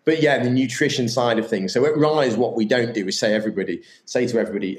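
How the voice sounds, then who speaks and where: Fast-talking and lowish in pitch, a man with a slightly mellow voice barely pauses as he chats casually on a podcast. The guest, who runs a yoga business, is candid and enthusiastic and swears freely, and the sound echoes around the room.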